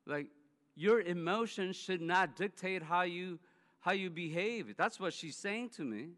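A man's voice: sits high, expressive, a little slow, a bit bright. A man preaching a sermon as a pastor, telling stories emphatically and acting out what people said. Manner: emphatic storytelling that acts out quoted speech. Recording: long hall reverb.

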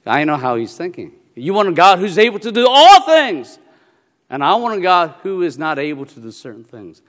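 Preaching man with booming hall echo. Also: moderate pace. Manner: animated storytelling, bursts into loud shouts for emphasis; repeats short phrases for emphasis. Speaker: pastor. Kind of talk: sermon. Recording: long hall reverb.

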